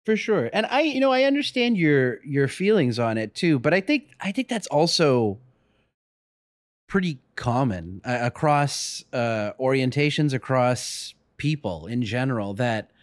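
A man's voice: mid-range voice, sing-song, unhurried, dry recording, clean studio sound. A man hosting a podcast, asking questions and reassuring his guest in a thoughtful, hesitant way. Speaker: podcast host. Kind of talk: casual podcast chat.

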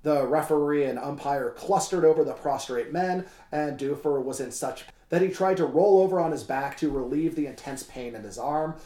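A man with a somewhat high voice reads old sports reports on a casual podcast, breaking off into jokes and profanity. His voice carries the ring of an echoey room. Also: moderate pace, few pauses. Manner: animated, jokey, swearing, acts out quotes. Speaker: podcast co-host reading historical wrestling reports. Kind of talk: casual podcast chat with read-out history. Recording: roomy, echoey room sound.

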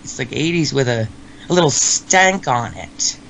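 An animated man co-hosting a music podcast, joking and trailing off mid-sentence. His pitch is ordinary, and a faint hiss of noise sits under the recording. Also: a little slow, vocal fry. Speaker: podcast co-host. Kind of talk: casual chat about rock music.

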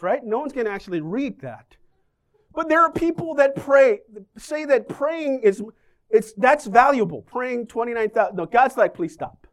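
A man delivering a sermon in a casual, humorous way. His pitch swings widely as he moves between jokes and points. He often turns to the congregation with questions. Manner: lively, joking, asks the congregation questions. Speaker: pastor.

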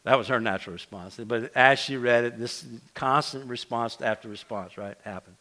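A man's voice: medium pitch, brisk, hardly any pauses, sharp tone. A middle-aged man, a pastor, preaching a casual, conversational sermon to his congregation, with self-deprecating asides and frequent restarts. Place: church sanctuary.

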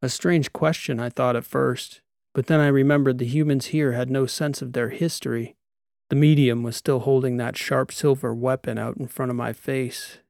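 A man reading a sci-fi audiobook in the first person, with steady, measured storytelling and a close studio mic. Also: medium pitch, gravelly, dry recording. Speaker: audiobook narrator.

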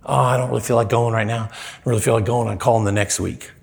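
A man's voice: mid-range voice, fairly even intonation, quick pace, creaky. A middle-aged man preaching a storytelling sermon in a conversational way, acting out the voices in his story.

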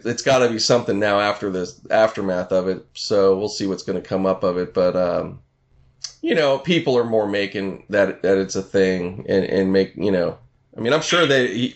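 A man in casual conversation about boxing, rambling with many fillers and restarts and casual swearing. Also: on the low side. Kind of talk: casual chat.

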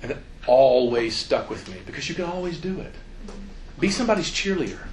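A middle-aged man, a youth ministry speaker, talks fairly quickly in a slightly high voice during an animated, conversational church seminar, acting out quotes. The rough recording has a bit of hiss or hum.

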